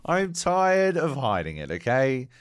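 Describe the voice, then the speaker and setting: Male podcast co-host, casual banter, sweary and animated, dry close mic. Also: medium pitch, measured pace, clear, resonant tone, dry recording.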